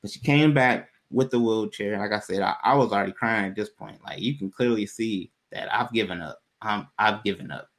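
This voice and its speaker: A man's voice: fairly low pitch, brisk, hardly any pauses. Guy chatting on a podcast, easygoing and slangy, acts out what folks said. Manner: laid-back, slangy, animated when quoting people. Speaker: podcast co-host telling a story. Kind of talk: casual storytelling chat.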